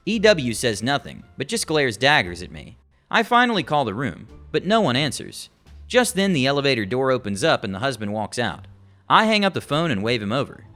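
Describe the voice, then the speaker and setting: Bright, animated male narrator reading stories over soft music. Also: medium pitch, a little fast. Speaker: story narrator. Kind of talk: reading online stories aloud.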